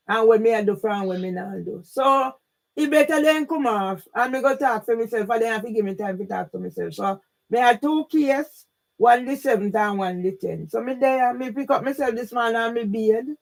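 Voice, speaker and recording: A woman with a Jamaican accent ranting on a live stream, emphatic, often shouting and swearing, with frequent questioning tags. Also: a little high. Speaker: YouTube livestreamer.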